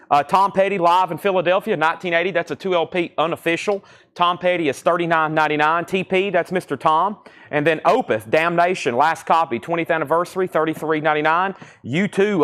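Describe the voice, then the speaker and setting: A man's voice: a little high, fairly bright tone. Chatty Southern man running a sale. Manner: chatty, rambling, reads out prices and titles. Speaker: live auction host. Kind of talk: live-stream sales patter.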